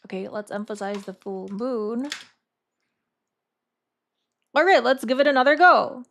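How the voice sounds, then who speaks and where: A woman's voice: fairly high pitch, animated, a bit bright. Woman streamer thinking aloud. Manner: thinks aloud, halting with repeated words. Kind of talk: casual live-stream chat.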